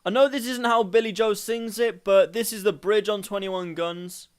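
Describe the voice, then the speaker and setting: A man hosting a casual singing tutorial, energetic and rambling, often laughing at himself. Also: high-pitched, normal speed, faint music behind.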